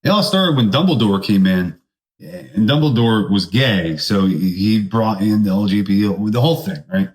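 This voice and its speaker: A man hosting a comedy podcast, telling a rambling, deadpan tall tale with sudden jumps into put-on voices. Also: lowish voice, normal speed. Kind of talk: comedic storytelling monologue.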